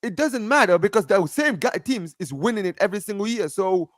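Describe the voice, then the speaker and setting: A man's voice: high voice, lively intonation, fairly quick, dry recording, studio quality. A man arguing about football on a casual live stream, emphatic and insistent, often repeating himself. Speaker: football fan panelist.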